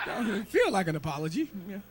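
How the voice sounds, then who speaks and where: A male preacher with a high, widely swinging voice delivers a sermon. He is emphatic and breaks into shouts, throws rhetorical questions at the congregation and calls for readings and responses.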